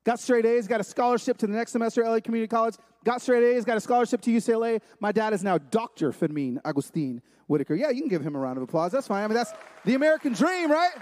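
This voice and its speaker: Guy with a really high voice preaching to a crowd, repeats his big lines, lots of hall echo. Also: expressive, very fast, hardly any pauses, a little mellow. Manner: emphatic storytelling preacher, repeats key lines. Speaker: speaker at a men's gathering. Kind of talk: sermon-style talk. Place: large room with a live audience. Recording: long hall reverb.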